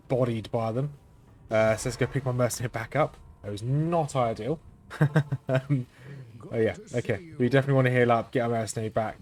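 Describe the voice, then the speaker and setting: A man hosting a let's-play, talking through his game in a flat, understated way as he thinks aloud. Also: medium pitch. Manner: monotone, understated delivery; thinking aloud while playing. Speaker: gaming channel host.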